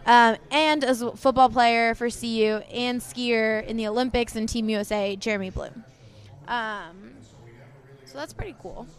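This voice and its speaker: A woman's voice: fairly high pitch, steady tone, a little slow. A young woman co-hosting a sports podcast in casual chat, laughing easily and running through news with some hesitations. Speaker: podcast co-host.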